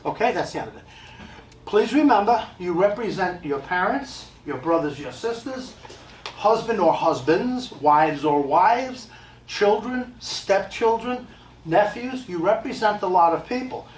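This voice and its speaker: An American medium with a high, animated voice talks a little slowly to an audience at a live event hall, bluntly emphasizing and repeating his points with joking asides. The distant mic picks up room echo and slight background noise.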